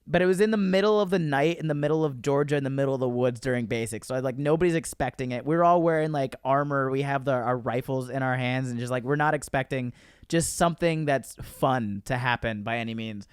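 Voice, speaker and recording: A man from Florida, a comedian guest on a podcast, telling an animated story in casual chat and laughing as he goes. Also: medium pitch, a little fast, clean tone, dry recording, clean studio sound.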